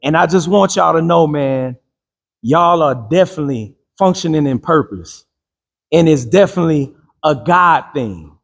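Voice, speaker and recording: High, lively male motivational speaker. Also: normal speed, gravelly, big-room sound. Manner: emphatic, repeats phrases, shouts affirmations; slang-heavy casual speech. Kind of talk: motivational talk with call-and-response. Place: event with a live group.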